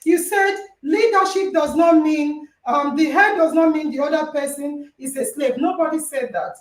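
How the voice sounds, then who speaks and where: A woman's voice: high voice, normal speed. A woman hosting a podcast debate, arguing emphatically and repeating phrases for stress, recorded in an echoey room on a distant mic. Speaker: podcast host. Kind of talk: heated debate moderation.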